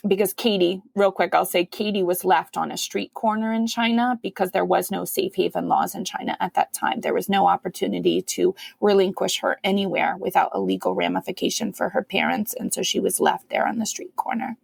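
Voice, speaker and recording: A woman who is a guest on a podcast, telling her story in a conversational way and acting out the quoted voices with big jumps in pitch. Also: fairly even intonation, brisk, creaky, few pauses, breathy edge, no echo. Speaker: podcast guest, mother of five.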